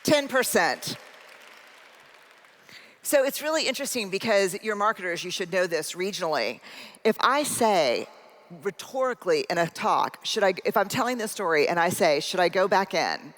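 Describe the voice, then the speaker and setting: A woman's voice: mid-range voice, expressive, moderate pace, fairly bright tone, some chatter behind. Chatty storytelling woman, echoing hall. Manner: self-deprecating, chatty, addresses the audience directly. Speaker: keynote speaker. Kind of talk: humorous personal storytelling talk. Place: large conference hall with a live audience. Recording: long hall reverb.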